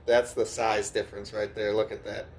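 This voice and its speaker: A man's voice: on the low side, level tone, moderate pace, darkish tone, a little hiss or hum. A man hosting a grow-tent vlog in an indoor grow room, talking loosely, swearing freely and laughing often. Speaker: grow channel host. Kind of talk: casual vlog narration.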